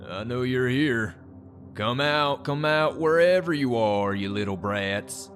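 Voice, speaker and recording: A man voicing a drunk, menacing grown man who taunts hiding teenagers in a slow, drawn-out way. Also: mid-range voice, fairly bright tone, faint music behind.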